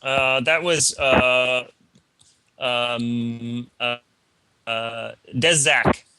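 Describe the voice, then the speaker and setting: A man's voice: mid-range voice, steady tone, very slow, pushed and bright, clean tone, dry recording, low-quality recording. A man co-hosting a live stream who passes viewer questions and backer counts along, hesitant, with many restarts. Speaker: stream co-host relaying chat questions. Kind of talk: casual live-stream chat.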